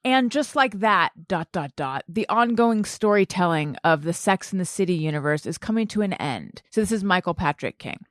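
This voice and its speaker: A woman co-hosting a podcast in casual chat, teasing and quick with asides. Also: lowish voice, lively intonation, no room sound, studio quality. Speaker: podcast co-host.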